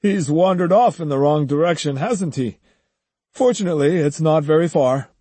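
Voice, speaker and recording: A calm, wry grown man in an audiobook, firm but kind, as a male narrator voices him. His delivery is dry and amused, in a dark, husky tone heard up close and dry. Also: on the high side, moderate pace, no room sound, pitched above the performer's own voice. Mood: steady. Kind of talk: audiobook character voice.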